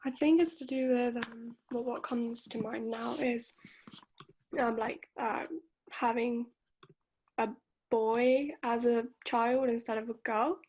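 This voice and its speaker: A woman client in a coaching session, speaking hesitantly and thoughtfully with many pauses. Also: a little high, steady tone, darkish tone, low-quality recording.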